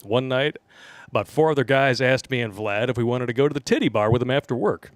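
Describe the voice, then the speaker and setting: A man's voice: medium pitch, lively intonation, fast talker, dry recording. Laid-back male show host reading emails. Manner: laid-back, frequent "uh" fillers and laughs. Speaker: podcast host. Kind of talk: casual live-show chat, reading listener emails.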